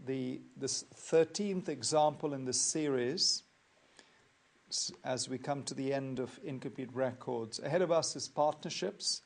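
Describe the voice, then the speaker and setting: A man teaching accounting in a recorded lecture, explaining worked examples in a measured, methodical way and repeating key points. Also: mid-range voice, gravelly. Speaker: accounting tutor.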